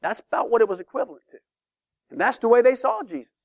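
A man teaching a sermon-style Bible lesson to a class, emphatic and lively, often checking in with questions. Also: very high-pitched, quick pace, no room sound, studio quality.

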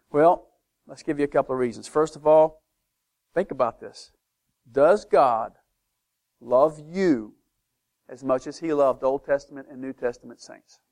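Male preacher delivering a sermon, somewhat high pitch, animated with sudden quiet passages. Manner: animated, swings from loud to hushed, acts out doubters' voices.

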